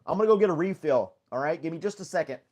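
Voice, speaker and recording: A man's voice: a little high, racing. Guy hosting a chill home live stream, rambly, laughs a lot, says hi to chat by name. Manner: relaxed, rambling, laughs often, greets viewers by name. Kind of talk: casual chat with live chat readers.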